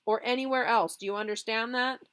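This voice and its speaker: Woman reading as a strict dad laying down the law, slow and firm, voice pitched a little up from her own. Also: fairly even intonation, a bit bright, clear, resonant tone, lightly acted. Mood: stern. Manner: stern, measured. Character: angry scolding father.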